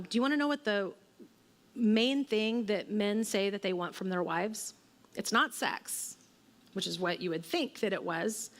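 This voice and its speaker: Woman, forties, church talk, chatty and relatable, middle pitch, echoing hall. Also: fairly bright tone. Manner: conversational, relatable, with personal anecdotes and fillers. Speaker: women's ministry speaker. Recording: long hall reverb.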